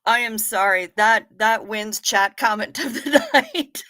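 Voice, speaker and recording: A woman's voice: a little high, measured pace, pushed and bright, no echo, clean studio sound. A woman hosting a live stream, chatting casually as she reads viewer comments aloud, wry and given to swearing and giggling.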